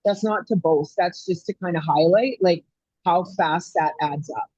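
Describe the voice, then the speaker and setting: Woman caller, husky, rambling and eager, dry lo-fi call audio. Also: on the low side, moderate pace, mellow, no echo. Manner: rambling, eager, many fillers. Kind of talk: casual chat.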